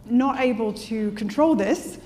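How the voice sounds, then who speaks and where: A woman's voice: a little high, measured pace, a little mellow. A woman from England whose accent drifts between English and American, telling a self-deprecating story on a panel stage. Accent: shifts between English and American. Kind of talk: public panel talk. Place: stage in a large hall. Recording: long hall reverb, faint room noise.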